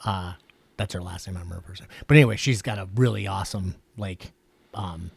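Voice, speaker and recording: A man's voice: sits low, quick pace, gravelly, slightly rough, no room sound. A man co-hosting a podcast in casual chat, chatty and asking questions. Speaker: podcast co-host.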